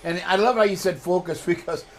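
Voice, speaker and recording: Guy hosting a trucking show, friendly back and forth, kinda high voice. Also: a little fast, slight background noise. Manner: chatty, agreeable. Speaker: host, safety director. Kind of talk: casual talk show chat.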